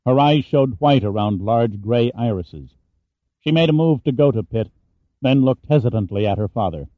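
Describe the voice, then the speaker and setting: A man narrating a thriller audiobook in an even, steady reading. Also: medium pitch, normal speed, no echo, narrow, tinny audio. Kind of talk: scripted narration.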